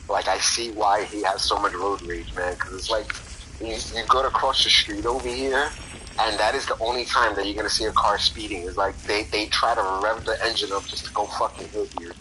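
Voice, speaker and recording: A man's voice: on the low side, steady tone, a little fast, crowd noise. A man hosting a podcast, chatting casually and telling anecdotes full of slang and swearing, laughing often. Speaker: podcast host. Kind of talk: casual storytelling chat. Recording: noisy background.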